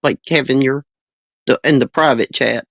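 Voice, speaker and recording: A speaker in a casual group chat who talks haltingly, repeating words and restarting sentences. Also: mid-range voice, a bit bright, no echo. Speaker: chat panelist.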